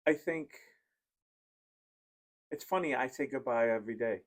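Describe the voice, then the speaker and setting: A man's voice: mid-range voice, moderate pace. A man hosting a podcast and chatting casually, telling rambling, heartfelt stories as a parent. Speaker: podcast host. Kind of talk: casual chat.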